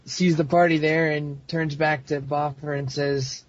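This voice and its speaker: A man's voice: on the high side, flat delivery, unhurried. A man playing a tabletop game, narrating his character hesitantly. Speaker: player. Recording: dry, dull lo-fi audio.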